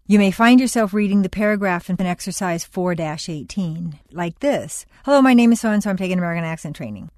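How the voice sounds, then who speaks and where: A woman's voice: mid-range voice, darkish tone, no echo. Woman narrating a dry-studio audio lesson. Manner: clear, measured teaching delivery. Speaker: accent training instructor.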